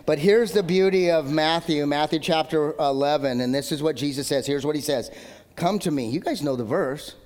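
A male pastor in his thirties preaching a sermon in a conversational, joking way, swinging between loud emphatic lines and low asides. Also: moderate pace. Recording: long hall reverb.

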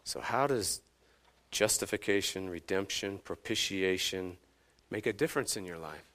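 A man in his thirties preaching a sermon as pastor, swinging from hushed, slow phrases to emphatic, rising ones. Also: low voice.

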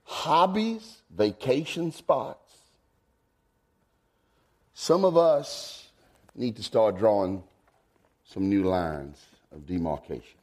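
A man, preaching a folksy sermon. He swings from low asides to high, emphatic exclamations. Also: animated, takes it slowly, long pauses, a little mellow. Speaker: pastor.

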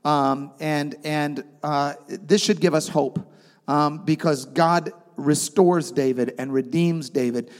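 A man preaching a sermon as pastor, retelling a story with emphatic swings in pitch and loudness. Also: steady tone, takes it slowly. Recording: long reverb of a large hall.

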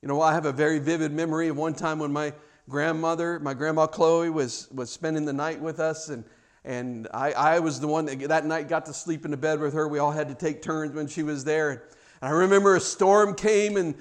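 Dramatic preacher swinging loud to hushed. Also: male voice, fairly high pitch, fairly even intonation, a little fast. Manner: humorous asides. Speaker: pastor. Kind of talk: sermon.

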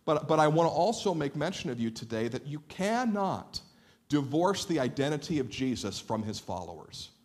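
A man's voice: fairly high pitch, sing-song, moderate pace, a little mellow. A man pastor preaching a sermon, earnest and explanatory, often repeating words as he builds a point.

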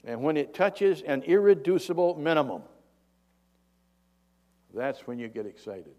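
A man's voice: big pitch swings, a little slow. An older man preaching a sermon in a folksy, rambling way. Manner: folksy, rambling, raises pitch and volume to act out yelled dialogue. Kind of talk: sermon with a told joke.

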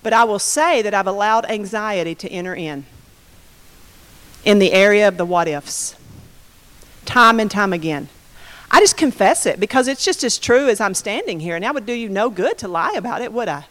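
A woman giving a sermon testimony, telling her story in an animated way and acting out the quotes. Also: mid-range voice, normal speed. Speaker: preacher. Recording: reverberant hall.

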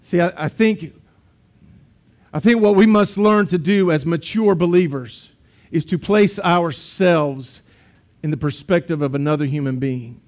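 A man's voice: on the high side, measured pace, a little mellow. A man, a pastor preaching a sermon in a conversational storytelling way with asides to the congregation.

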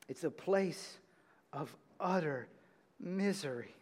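A man preaching a sermon as pastor, earnest and building to loud emphatic peaks, speaking to a congregation. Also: on the high side, moderate pace, in a large hall. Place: church sanctuary.

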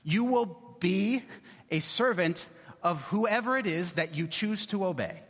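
Higher-voiced man preaching in a reverberant church. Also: expressive, a little slow, fairly bright tone. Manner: conversational, repeats "right?" often. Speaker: pastor. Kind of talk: sermon.

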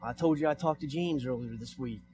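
A man's voice: medium pitch, brisk, a little mellow, soft background music. A young man preaching a sermon in church, repeating his points with rising emphasis. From United States. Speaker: pastor. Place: church sanctuary.

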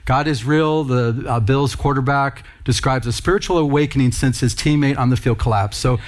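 A man's voice: mid-range voice, moderate pace, a little hiss or hum. A man preaching a sermon in church, talking conversationally and with emphasis, calling out to the congregation. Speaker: pastor.

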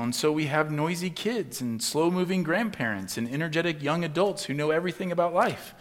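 A man preaching a sermon as pastor, acting out the voices of the people he quotes and swinging from loud to hushed. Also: fairly high pitch.

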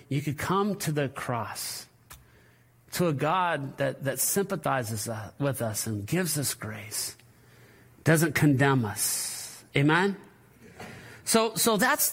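Pastor preaching live, male, high and bright voice, animated, talks over a stage mic in a church. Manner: animated, repeats words when worked up, jokes with the congregation. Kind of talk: sermon. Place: church sanctuary.

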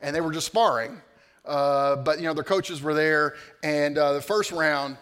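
Middle-aged guy preaching, kinda highish voice, goes quiet then loud, big hall echo. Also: normal speed, clean tone. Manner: conversational preaching, swings from hushed to loud. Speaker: pastor. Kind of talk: sermon. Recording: long hall reverb.

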